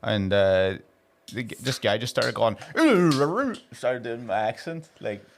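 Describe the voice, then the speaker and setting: An Irish man trades stories on a comedy podcast, cursing casually and laughing as he goes. His pitch moves around a lot, lively and expressive, in a mid-range voice. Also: slow pace, slight background noise. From Ireland. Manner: swearing, laughing storyteller. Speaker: podcast co-host. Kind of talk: casual chat.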